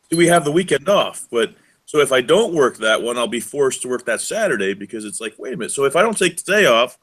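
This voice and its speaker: A man's voice: medium pitch, fairly bright tone. Joking, rambling man on a casual show. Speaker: co-host. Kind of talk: casual podcast chat.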